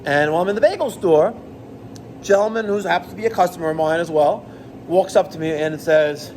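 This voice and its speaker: A middle-aged man, a plumbing business owner ranting to the camera in an animated, profane, exasperated way. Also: on the high side, a little fast, slight background noise. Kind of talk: rant vlog to camera.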